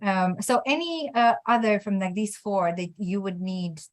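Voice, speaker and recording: A woman's voice: medium pitch, measured pace. A woman coaching a student on his career, talking encouragingly with many restarts and fillers. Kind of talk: coaching session.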